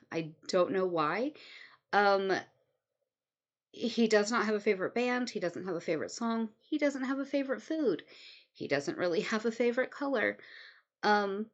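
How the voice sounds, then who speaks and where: A woman talks her way through casual commentary from home, rambling and chatty with frequent "um"s. Her voice sits at an ordinary middle pitch. The recording is a little dull and muffled. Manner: rambling, chatty, many ums. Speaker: commentary host.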